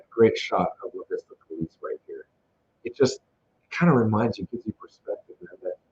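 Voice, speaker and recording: An enthusiastic man with a fairly low voice talks through a slideshow of event photos in a loose, rambling way, full of fillers and asides. The recording sounds dull and lo-fi, with a faint hiss underneath. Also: darkish tone. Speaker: organizer narrating event photos. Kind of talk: casual photo slideshow commentary.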